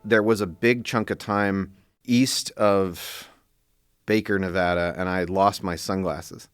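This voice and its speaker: Man in his forties, low smooth voice, dry close mic, reflective interview. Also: unhurried, no echo. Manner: relaxed, reflective, with many "you know"s. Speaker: interviewee recalling a journey. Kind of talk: casual interview recollection.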